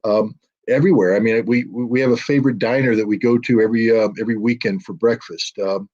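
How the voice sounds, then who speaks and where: A man's voice: lowish voice, steady tone, fast, darkish tone. A middle-aged American man, a guest in a political commentary interview, talking emphatically and with sardonic jabs. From United States. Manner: emphatic and sardonic, mocking quoted officials. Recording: dull lo-fi audio.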